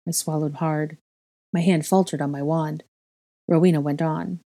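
Woman narrator for story reading, calm and steady, low mellow voice. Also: moderate pace. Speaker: reader. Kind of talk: audiobook-style fiction reading.

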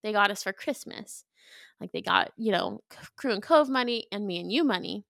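A woman's voice: mid-range voice, animated, normal speed, vocal fry, fairly bright tone, no echo, studio quality. A woman co-hosting a marriage podcast, talking in a chatty, emotional way with lots of fillers. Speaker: podcast co-host. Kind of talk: casual chat.

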